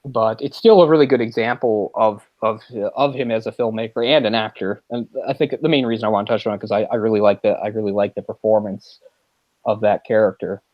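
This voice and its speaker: A man's voice: lowish voice, steady tone, fairly quick, no room sound, dull audio. A man co-hosting a film podcast, chatting casually and rambling with frequent restarts. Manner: rambling, many restarts and fillers. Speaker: podcast co-host.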